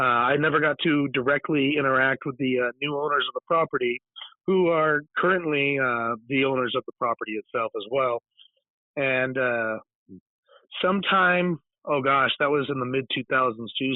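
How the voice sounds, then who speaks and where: A Californian guest, an author who investigates the paranormal, speaks in a medium-pitched voice with no echo. The line is dry and tinny, like a phone. During this casual interview he rambles through a lengthy story, veering off track and beginning again many times.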